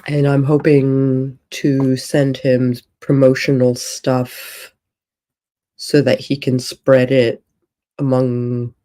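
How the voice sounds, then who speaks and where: A woman talks unhurriedly on a casual livestream, rambling as she thinks out loud. Her voice is mellow and relaxed, and she takes her time. She is speaking from a hotel room. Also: extremely low pitch, slow. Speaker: author and streamer.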